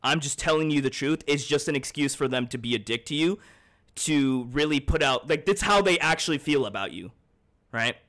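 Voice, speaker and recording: A man's voice: mid-range voice, lively intonation, moderate pace, fairly bright tone. A man streaming a video game, talking to his chat in a rambling, profane way, heated and then apologetic. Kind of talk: live-stream chat while gaming.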